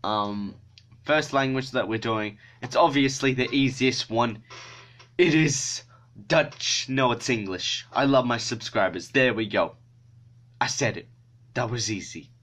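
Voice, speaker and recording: A man's voice: medium pitch, slow pace, fairly bright tone. A male YouTuber in casual vlog chat, self-mocking and swearing freely.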